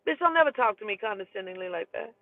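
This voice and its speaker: A woman telling a heated, profane story in an emphatic, animated way. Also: mid-range voice, fast, dry recording. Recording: tinny phone-like sound.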